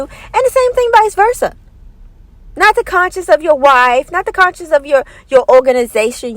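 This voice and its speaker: A woman's voice: high voice, no echo. A woman vlogger giving casual opinion commentary in a light, scratchy voice. She talks emphatically and acts out other people's lines.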